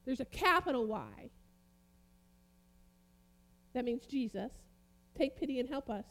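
High-voiced woman preaching emphatically. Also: animated, a bit bright. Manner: emphatic, rising and falling, dramatic pauses. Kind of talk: sermon, reading and comparing Bible translations.

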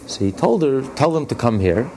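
A male rabbi teaching a class, speaking at an ordinary middle pitch. He tells stories plainly and conversationally, and he drives his points home by repeating them with emphasis. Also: very animated, a little fast, a little mellow, a little hiss or hum. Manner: emphatic, repeats key phrases, rising on points; plainspoken, conversational storyteller with restarts. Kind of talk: spoken religious lesson with storytelling.

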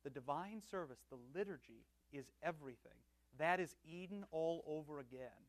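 A man preaching as pastor, teaching with banter and swinging from soft asides to loud emphatic bursts. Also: on the high side, normal speed, dry recording. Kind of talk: teaching sermon with audience banter.

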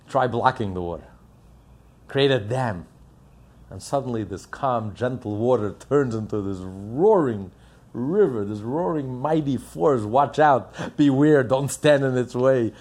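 A man's voice: mid-range voice, animated, measured pace, darkish tone, slightly rough. A man preaching a sermon, impassioned and building up with rhetorical questions. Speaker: religious teacher.

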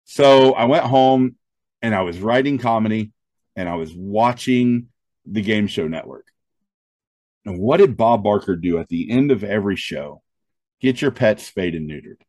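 On the low side and at normal speed, this man's voice comes through in a dry recording. He is a stand-up comedian and show host telling animated stories as an interview guest, complete with quoted dialogue and plenty of "um."

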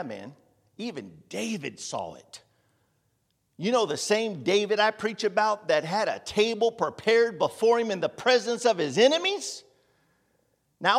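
A man's voice: high-pitched, fairly bright tone. A man preaching a sermon to a congregation, asking rhetorical questions and calling on listeners by name. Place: meeting room with congregation. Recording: long hall reverb.

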